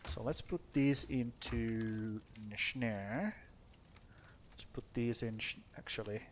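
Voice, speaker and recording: A man's voice: medium pitch, takes it slowly, slight background noise. A young man from Finland giving casual gameplay commentary, swearing freely, joking and talking to his character. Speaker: let's play gamer.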